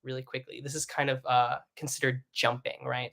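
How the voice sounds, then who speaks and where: A man with a gravelly voice leads a live online singing lesson at a moderate pace while soft music plays in the background. He talks in a relaxed, chatty style, often asks "right?", and bursts into quick sung vowels that climb into a high head voice.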